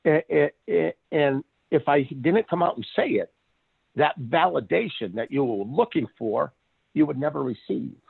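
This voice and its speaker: A man with a gravelly, husky voice tells stories in casual chat, restarting his sentences and laughing often. His pitch swings widely as he gets animated. He sounds dry and tinny, like a phone call. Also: moderate pace, dry recording. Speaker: psychic medium guest.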